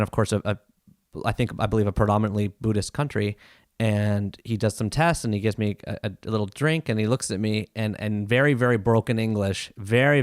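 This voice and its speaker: A man in his forties, a podcast host, telling a personal story in a lively, conversational way. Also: lowish voice, dry recording, clean studio sound. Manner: animated storyteller, rising with excitement.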